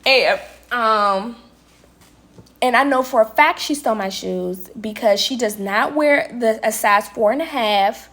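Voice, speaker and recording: Young adult woman, higher voice, casual storyteller who acts out the quotes. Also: unhurried. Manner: chatty, addresses viewers as y'all, quotes people with lively voices. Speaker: vlogger and nail tech.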